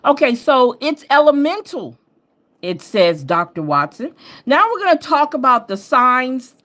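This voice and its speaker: Originally from upstate New York, this woman host and astrology reader rambles loosely in casual chat, her speech softened by a Southern US drawl. She's very animated and unhurried, her pitch rising and falling a lot as she laughs and corrects herself along the way.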